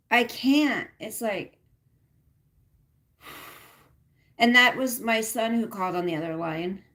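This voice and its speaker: A woman's voice: mid-range voice, takes it slowly, long pauses, pushed and bright. A woman hosting a casual livestream, rambling and venting with lots of fillers and some swearing. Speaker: livestream host.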